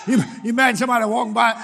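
A man preaches in a high, gravelly, very bright voice with a lilt. He hollers and urges the congregation between scripture readings. The sound rings in a reverberant with the faint murmur of a crowd. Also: very fast, background noise. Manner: hollers and shouts, urging the congregation; reads scripture then riffs on it, laughing. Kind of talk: sermon. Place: church sanctuary.

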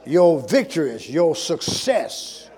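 A man preaching a sermon with emphasis, swinging from loud calls to low, quick asides. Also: big pitch swings, husky. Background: congregation.

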